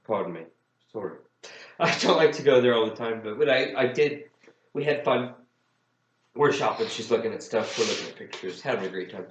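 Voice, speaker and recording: A man co-hosting a casual chat podcast, telling stories with animated self-mockery and frequent laughter. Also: mid-range voice, roomy sound, slight background noise, rough recording. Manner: animated self-mocking storyteller, laughs often. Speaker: podcast co-host.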